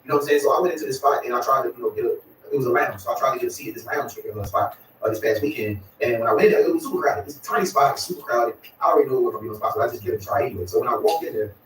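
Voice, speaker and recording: A man's voice: medium pitch, very fast, few pauses, fairly bright tone, echoey room, recorded from a distance, a little hiss or hum, low-quality recording. A man, talking casually to his viewers in a rambling way, full of "y'all" and "you know what I'm saying.". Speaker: vlogger.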